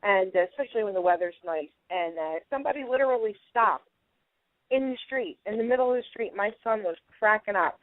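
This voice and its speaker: A young adult woman with a Philadelphia accent, chatting as a guest on a radio interview, quick to laugh and full of "like" and "you know.". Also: medium pitch, animated, dry recording. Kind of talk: casual phone interview. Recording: tinny phone line, dry.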